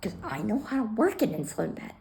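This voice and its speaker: A woman's voice: a little high, very animated, fast talker, gravelly, warm tone, slight background noise, poor audio. A woman casually telling a personal story on her vlog, blunt and heated, swearing freely and sometimes dropping almost to a whisper.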